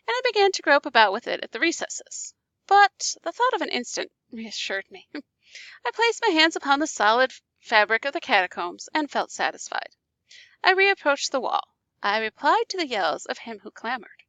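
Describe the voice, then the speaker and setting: A woman's voice: fairly high pitch, no room sound. A woman teacher reading a classic story aloud and explaining it in casual asides. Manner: animated, casual asides checking in with listeners.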